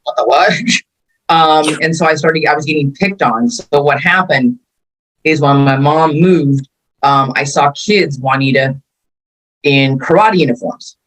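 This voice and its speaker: Captured on a low-quality recording, a deep-voiced woman in her fifties speaks a little slowly. She's a California martial arts instructor sharing her life story in a casual interview and acting out the quotes she recalls.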